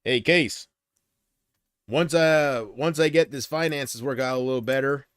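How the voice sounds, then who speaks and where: A man's voice: medium pitch, measured pace, a bit bright, clear, resonant tone, no echo, studio quality. A man chatting casually on a livestream, rambling and answering viewer comments.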